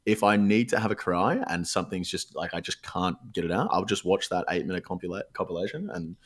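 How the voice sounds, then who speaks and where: Low-voiced male podcast guest, easygoing storyteller with casual cursing. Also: brisk. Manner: laid-back, swears casually, rambling storytelling.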